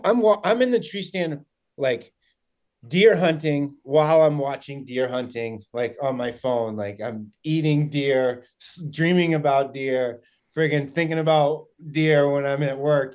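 A man's voice: medium pitch, darkish tone. A young man, a guest, telling a story in casual chat, rambling with lots of fillers and quoted dialogue. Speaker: guest hunter.

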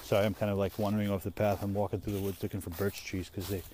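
Young dad rambling and swearing in the woods, mellow low-key voice, keeps trailing off. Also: male voice, flat delivery, rapid-fire, slight background noise. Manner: rambling, profane, trailing off and restarting. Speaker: vlogger and parent. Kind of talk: casual monologue while walking outdoors. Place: woods outdoors.

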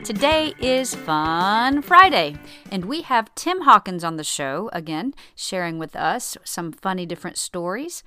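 A woman's voice: lowish voice, big pitch swings, moderate pace, hardly any pauses, pushed and bright, soft background music. A woman hosting a morning show, introducing a comedy segment in a cheerful, sing-song way.

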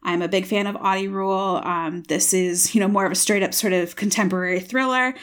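A woman's voice: fairly quick, smooth. A young woman co-hosting a podcast, chatting casually about a book with lots of "like" fillers. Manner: chatty, many "like" fillers, lively pitch swings. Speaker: podcast co-host.

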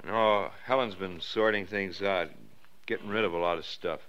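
A man's voice: low-pitched, normal speed, fairly bright tone, lo-fi sound, a little hiss or hum. A man playing a curt, evasive man hiding something in a 1940s radio drama.

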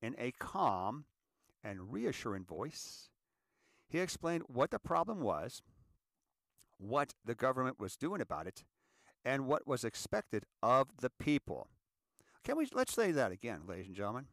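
Man giving an inspirational talk, lively pitch, dry close sound, repeats lines for weight. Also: unhurried, vocal fry, no room sound. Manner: addresses listeners as ladies and gentlemen, repeats phrases for emphasis. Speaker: inspirational speaker.

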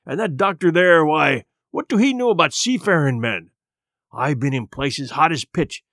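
A man reading an audiobook, voicing a drunken, feeble old sea captain who pleads in rough sailor's dialect. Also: a little high, a bit bright, no room sound, studio quality, heavily acted. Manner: rough seafaring dialect, wheedling.

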